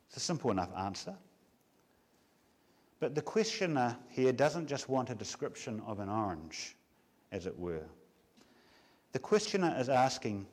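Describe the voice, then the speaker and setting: A pastor with a mid-range, very animated voice delivers a Sunday afternoon sermon. He speaks with measured emphasis and poses many rhetorical questions.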